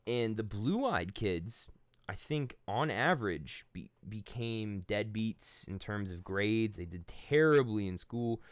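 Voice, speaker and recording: A man's voice: fairly low pitch, lively intonation, slow pace, no echo. A man hosting his channel, giving a casual philosophical monologue in blunt, profane storytelling that acts out the people he quotes. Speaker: channel host.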